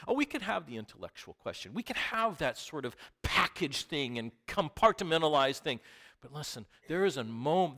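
Man preaching, bright forceful voice, fairly high, swings between whispers and loud outbursts. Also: sing-song, moderate pace. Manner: reads scripture aloud, then explains it to listeners with questions. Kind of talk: sermon.

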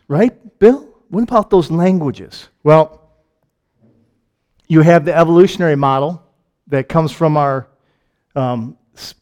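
Man, Michigan accent, preacher, slightly high-pitched, rhetorical questions, casual joking sermon. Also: darkish tone, clean tone. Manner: asks lots of rhetorical questions. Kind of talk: conversational sermon.

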